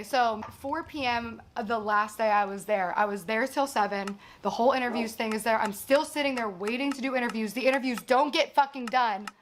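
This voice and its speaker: A young woman recounting a frustrating job in casual, animated storytelling, exasperated and swearing often. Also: on the high side, slight background noise. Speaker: actress recounting a production.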